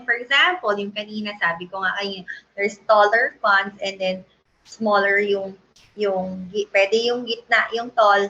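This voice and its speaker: A woman's voice: medium pitch, bright, forceful tone, dull audio. A woman with a Filipino accent, teaching a design tutorial in a chatty way and often checking that listeners agree. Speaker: design instructor. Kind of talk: screen-share tutorial lesson.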